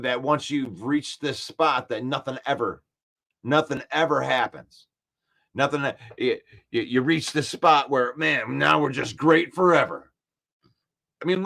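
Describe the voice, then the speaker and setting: Male sports-stream host, fairly high-pitched, animated and combative. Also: gravelly. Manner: animated, argumentative, repeats points for emphasis. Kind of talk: casual live-stream chat, reading comments.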